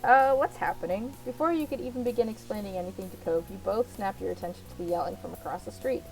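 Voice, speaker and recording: A woman's voice: medium pitch, fast, creaky, mellow, faint music behind, rough recording. A woman reading a visual novel aloud as a let's play narrator, in the second person.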